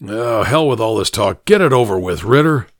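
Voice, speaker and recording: A man's voice: mid-range voice, sing-song, measured pace, dry recording, studio quality. A man voicing a desperate, dying fugitive. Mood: bitter, defensive. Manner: plaintive, rising to shouting. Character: dying cowardly male fugitive, coughing, desperate.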